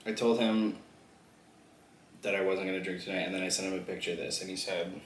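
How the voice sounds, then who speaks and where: A young man vlogs a mukbang, chatting loosely between bites while swearing and laughing often. His voice is deep and flat, a little fast, recorded in an echoey room with faint background noise.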